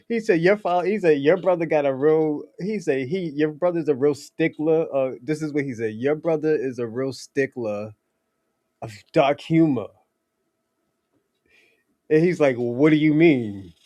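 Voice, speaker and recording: A young man talks in a loose, rambling monologue about his movie. His voice sits a bit high, and he keeps breaking into laughs, restarting his sentences and swearing casually. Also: measured pace, mellow.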